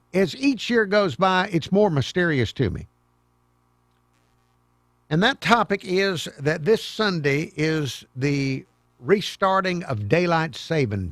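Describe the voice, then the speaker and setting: A male talk radio host speaks in a rambling, repetitive folksy monologue. His voice sits a little high and has a gravelly fry, heard close and dry. Soft music plays underneath. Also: no room sound. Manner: chatty, rambling, repeats himself.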